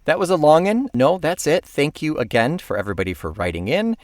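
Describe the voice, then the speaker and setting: A man co-hosting a music podcast, reading listener mail and plugging the show in a relaxed, chatty way. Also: fairly high pitch, fairly quick, no room sound, clean studio sound. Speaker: podcast co-host. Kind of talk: casual chat.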